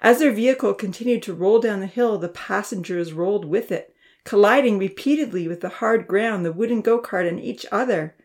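A woman reads a children's storybook aloud, expressive and lively, with a middling voice for a woman. Her narration rises with the action and sinks for quieter moments. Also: mid-range voice, brisk.

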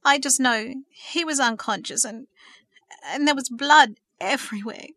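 A woman's voice: fairly high pitch, normal speed, bright, forceful tone, no room sound. Woman reading a sobbing remorseful young man. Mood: pleading. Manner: shaky, sobbing pleas.

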